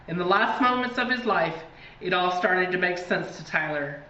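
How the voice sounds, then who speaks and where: A woman reading a spooky children's storybook aloud in a deliberate, dramatic way. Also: lowish voice, lively intonation, bright, forceful tone. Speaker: reader. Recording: distant, echoey, dull, faint hiss.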